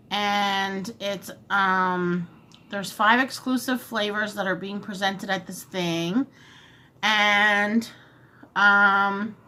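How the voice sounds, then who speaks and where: A woman vlogger casually telling a long story while eating, chatty and animated, often acting out what she and others said. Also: mid-range voice.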